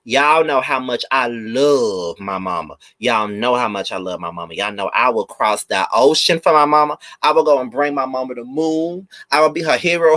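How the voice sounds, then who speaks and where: A man's voice: medium pitch, bright, forceful tone. A man hosting a live review, ranting emphatically to his viewers with blunt, profane repetition. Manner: blunt, swears freely. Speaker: video host and reviewer.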